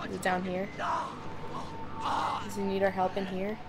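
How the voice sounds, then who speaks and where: A woman's voice: medium pitch, flat delivery, slow, low-quality recording. A young woman co-playing a horror game, dry and teasing, giving her friend directions. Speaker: let's play co-player. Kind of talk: casual co-op gameplay chat. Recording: game sounds loud behind voice.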